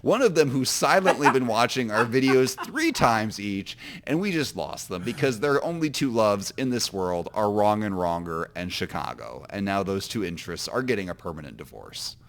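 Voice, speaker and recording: A man's voice: fairly low pitch, sing-song, moderate pace, few pauses, fairly bright tone. A man from Illinois, an author co-hosting a casual podcast, who tells rambling, self-deprecating stories. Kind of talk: casual comedic podcast storytelling.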